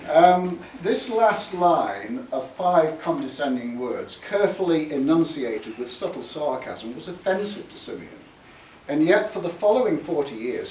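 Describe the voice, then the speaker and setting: An author reads theatrically from his own book, savouring each word and letting his pitch swing widely. He is heard from a distance in an echoey library room, with faint ambience behind him. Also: darkish tone, a little hiss or hum. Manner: theatrical, relishing words, chuckling at his own lines. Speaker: author giving a reading. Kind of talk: reading from his book with spoken asides. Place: public library talk. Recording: echoey room, mic far off.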